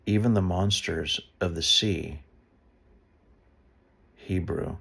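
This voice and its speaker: A man reading a Bible passage aloud slowly and deliberately, stopping now and then to explain the footnotes. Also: low voice, fairly even intonation, vocal fry, a bit bright, husky. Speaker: Bible reader. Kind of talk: unscripted Bible reading with asides.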